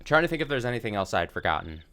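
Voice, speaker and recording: A man's voice: medium pitch, very animated, rapid-fire, fairly bright tone. A man streaming a visual novel, recapping the story in a casual, rambling way with restarts and the odd swear. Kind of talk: casual let's-play commentary.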